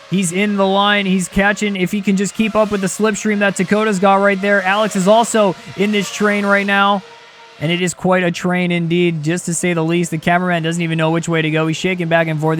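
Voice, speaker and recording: A young man commentating a sim racing league race live, excitable and quick to shout at close battles. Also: high-pitched, a little hiss or hum.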